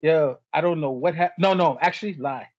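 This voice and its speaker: A man with a voice on the high side co-hosts a podcast, speaking at a moderate pace as he tells stories in casual chat. He's an animated storyteller who acts out the voices of the people involved. The recording is dry, with the highs cut off.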